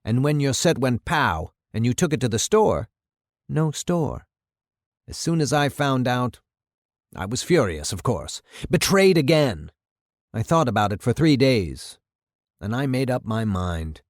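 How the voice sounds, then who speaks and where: A man's voice: medium pitch, big pitch swings, measured pace, no echo, clean studio sound. A man reading the part of a bitter, vengeful older man who recounts his killings in a grim, matter-of-fact way. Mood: grim, boastful. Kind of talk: dramatic reading of a radio play.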